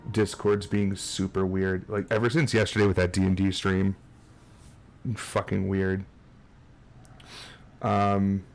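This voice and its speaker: A man's voice: fairly low pitch, creaky. A man hosting a casual gaming stream, swearing freely while he fiddles with his audio settings. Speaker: streamer host.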